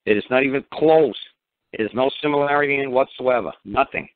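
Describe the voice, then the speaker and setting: A man's voice: medium pitch, brisk, dry recording. Man on a tinny phone line. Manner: blunt, colloquial and emphatic. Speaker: speaker on common law. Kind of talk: rambling anecdotal talk.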